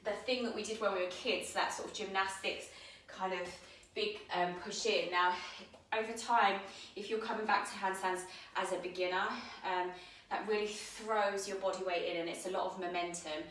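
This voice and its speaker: A woman teaching a yoga handstand class, giving calm step-by-step cues while she demonstrates, somewhat out of breath. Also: medium pitch, moderate pace. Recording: very echoey room, mic at a distance.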